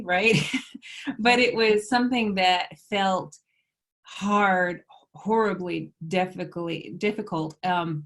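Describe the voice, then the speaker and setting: A woman author being interviewed, easygoing and relaxed, with a few fillers and light laughs. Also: fairly low pitch. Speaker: author guest.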